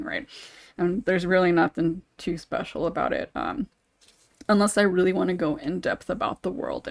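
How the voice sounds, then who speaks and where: A woman with a lowish, gravelly voice talks loosely about her writing on a podcast. She rambles and fills her sentences with fillers and restarts. The sound is dry and close. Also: dry recording. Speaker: ASMR script writer. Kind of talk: casual podcast discussion.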